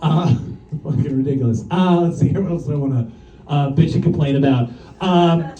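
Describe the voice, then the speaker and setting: A man's voice: fairly high pitch, brisk, warm tone, dull audio, a faint crowd. A man doing a stand-up comedy set, rambling, swearing and mocking himself. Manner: rambling, profane, self-mocking. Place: comedy club stage. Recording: roomy club sound from the mic distance. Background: audience laughter.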